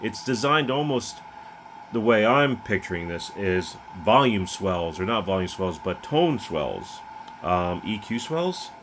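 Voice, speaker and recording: A man casually showing off a guitar pedal he built, talking in a relaxed, rambling way with fillers and restarts. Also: fairly low pitch, measured pace, heavy background noise. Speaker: pedal builder demoing his pedal. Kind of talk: casual demo talk.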